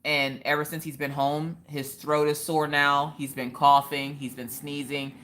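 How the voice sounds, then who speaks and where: A woman's voice: low-pitched, steady tone, moderate pace, few pauses, a bit bright, a little hiss or hum. A woman hosting a casual craft live stream, joking around and answering viewers in the chat by name.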